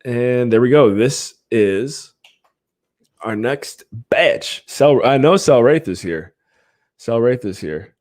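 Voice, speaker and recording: A man hosting a live stream, talking casually and eagerly as he runs giveaways. His voice sits at an ordinary middle pitch. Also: slow. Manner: excitable, hypes the giveaways with countdowns. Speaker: podcast host running live giveaways.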